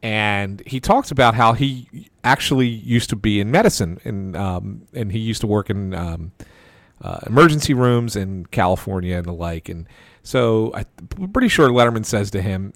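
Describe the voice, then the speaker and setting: A man spins a sports-beat story in a casual, animated way, stumbling over his words and restarting often. His voice is mid-pitched and swings high when he gets worked up. The recording is close and dry. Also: normal speed, dry recording. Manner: animated anecdote with quoted voices; restarts and stammers. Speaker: sports reporter.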